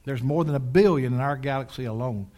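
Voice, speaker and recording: An older male pastor preaching a sermon, swinging from quiet, drawn-out lines to loud, excited peaks, with folksy asides to the congregation. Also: mid-range voice. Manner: dramatic swings from hushed to shouting, folksy asides.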